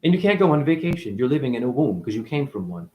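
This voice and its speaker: In a roomy, echoing recording, a man gives a spiritual monologue that rambles, swears and plays with words. He addresses the listener as honey and shifts from mutters to excited outbursts, speaking quickly in a mid-range voice.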